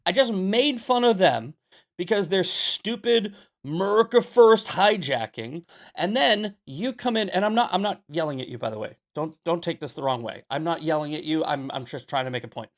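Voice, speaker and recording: A man's voice: on the high side, lively intonation, moderate pace. Emphatic male political livestream host. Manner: emphatic, repetitive, sarcastic asides. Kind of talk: live political commentary, reading chat.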